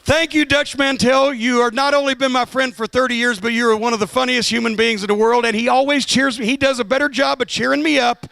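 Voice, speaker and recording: A man giving a profane, sardonic roast speech, telling a comic road story with building excitement. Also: very high-pitched, fast talker, gravelly, hardly any pauses, dry recording. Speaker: roast guest of honor.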